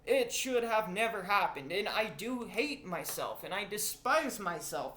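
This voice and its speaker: A young man talks slowly through a confessional rant, rambling and swearing as the feeling spills over. His voice is bright and edged. The room around him echoes. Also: high-pitched. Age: young adult. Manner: rambling, profane, emotional. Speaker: vlogger.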